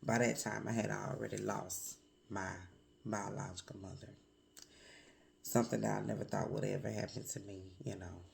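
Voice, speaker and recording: A woman vlogger with a hoarse voice from a cold, speaking candidly and reflectively in a confessional vlog, with many pauses and fillers. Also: extremely low pitch, flat delivery, a little hiss or hum.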